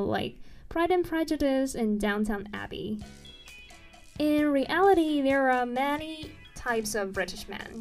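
Female explainer narrator, earnest and slightly halting, higher register, light music bed. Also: darkish tone. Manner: earnest, occasionally stumbles and corrects herself. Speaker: video presenter.

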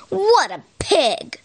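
A woman storyteller reads a picture book aloud with a high voice. She is animated and expressive, her pitch swooping all over, and she takes her time with each line.

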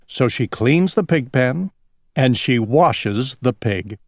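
A man reading a children's story aloud slowly for English learners, drawing words out. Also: medium pitch, no room sound, clean studio sound. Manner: slow, lively, drawn-out reading. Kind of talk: slow storybook read-aloud.

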